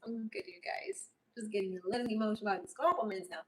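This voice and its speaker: A woman's voice: medium pitch, sing-song, quick pace. A woman chatting on a livestream, rambling and emotional. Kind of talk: casual livestream chat reading comments. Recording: voice a bit far from mic, faint noise.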